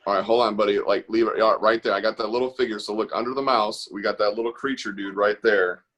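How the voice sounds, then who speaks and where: Low-voiced man leading a live art session over video call, upbeat and encouraging. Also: fairly even intonation, quick pace, a bit bright, dull audio. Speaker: host of an online art class. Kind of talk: casual live-stream instruction.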